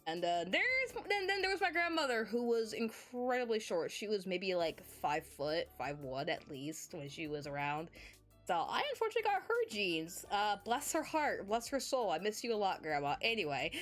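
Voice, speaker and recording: A woman's voice: mid-range voice, big pitch swings, normal speed, fairly bright tone, soft background music. A woman streamer in casual chat with her viewers, bubbly and giggly as she talks.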